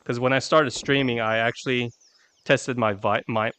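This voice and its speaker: A man's voice: medium pitch, steady tone, normal speed, a bit bright, slight background noise. A man chatting casually and rambling while streaming a video game, talking to his viewers through a desk microphone. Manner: rambling, chatty, self-deprecating. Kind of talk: casual gameplay chat.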